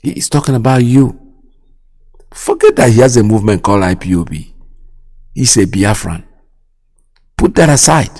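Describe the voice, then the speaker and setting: An indignant Nigerian man hosts his radio show and delivers impassioned political commentary. He repeats phrases and fires off sharp rhetorical questions in a fairly high voice. A long reverb trails behind every word. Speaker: radio host.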